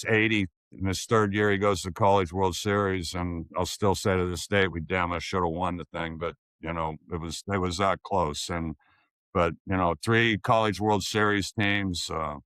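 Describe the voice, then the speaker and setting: An older man, a former coach, paying tribute to his old head coach in halting, earnest casual talk that often restarts sentences. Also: deep voice, fairly even intonation, a bit bright, clean tone, dry recording.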